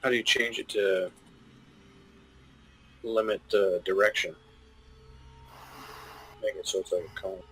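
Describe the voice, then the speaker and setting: A man narrating as game master of a tabletop game, describing scenes haltingly with many restarts, while he has the hiccups. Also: on the low side, steady tone, fairly bright tone, slight background noise, low-quality recording.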